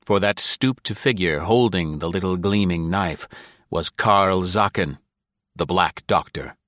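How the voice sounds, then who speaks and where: A man narrates an adventure novel in a measured, dramatic reading. His voice is very deep and low. The recording is dry and close, with no room sound. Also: a bit bright, no echo. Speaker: audiobook narrator. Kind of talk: scripted narration.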